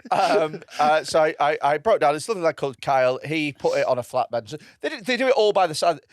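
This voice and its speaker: A man's voice: a little high, expressive, fast, no echo, clean studio sound. A British man co-hosting a comedy podcast, telling rambling anecdotes with plenty of swearing. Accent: British English. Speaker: podcast co-host. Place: podcast studio.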